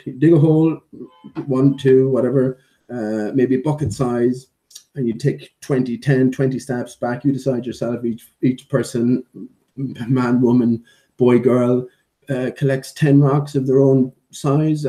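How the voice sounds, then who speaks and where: A man's voice: medium pitch, steady tone, measured pace, warm tone. A man chatting casually in a vlog, rambling with many fillers and restarts and playfully scolding his dog between thoughts. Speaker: vlogger.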